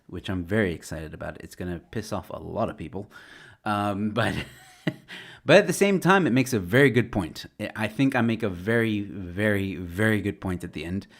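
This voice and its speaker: A man, a stand-up comedian, chatting casually on a home livestream, rambling with lots of fillers and restarts. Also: fairly low pitch. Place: his home. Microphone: webcam or desk mic at home.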